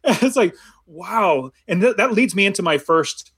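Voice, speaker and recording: A man's voice: sits high, expressive, measured pace, a bit bright, slightly rough. A man co-hosting a casual movie discussion, rambling with many restarts and frequent laughs. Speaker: podcast co-host.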